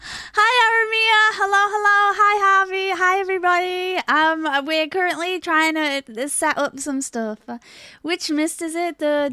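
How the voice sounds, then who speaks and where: A young woman streaming live, chatting casually and greeting her viewers in a bubbly, rambling way, with casual swearing. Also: no room sound. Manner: bubbly, chatty, greets chat with high excitement.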